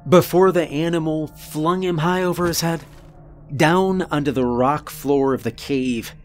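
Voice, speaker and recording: Slow, deliberate male horror narrator. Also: mid-range voice, a little hiss or hum. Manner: deliberate, earnest storytelling with dramatic pauses. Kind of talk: first-person horror story narration.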